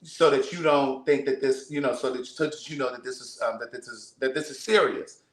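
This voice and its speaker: A man voicing a pushy male phone scammer who tries to sound official, in a deeper voice than his own. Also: a little fast, reverberant, lightly acted. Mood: officious.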